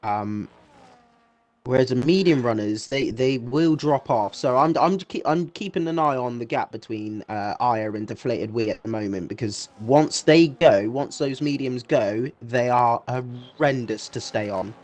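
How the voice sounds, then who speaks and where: A man's voice: mid-range voice, unhurried, darkish tone. Male co-commentator, analytical, stop-start delivery. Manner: analytical, repeats words when restarting. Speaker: race commentator. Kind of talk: sim racing co-commentary.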